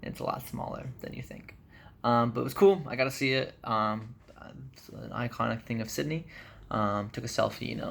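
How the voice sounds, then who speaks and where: Gravelly-voiced man rambling casually. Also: medium pitch. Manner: rambling, filler-heavy, relaxed chat. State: jet-lagged, tired. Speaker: vlogger. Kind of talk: casual vlog update. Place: hotel room.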